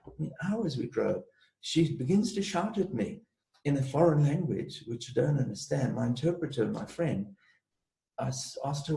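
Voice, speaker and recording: A man telling a personal story as a guest in an interview, in a measured storytelling way. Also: a little high, animated, creaky, mellow, roomy sound, low-quality recording. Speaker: guest, space clearer and healer.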